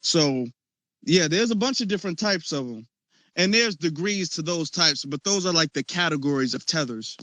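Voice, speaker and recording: A man hosting a casual online discussion, animated and mocking as he acts out the people he criticizes. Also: fairly high pitch, fairly quick, no echo. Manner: animated, mocking quoted voices.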